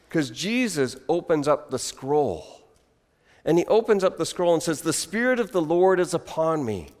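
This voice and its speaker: A male pastor delivers a lively sermon, his voice pitched a touch high. He acts out crowd voices, swinging from hushed to loud. The sound carries a long hall reverb.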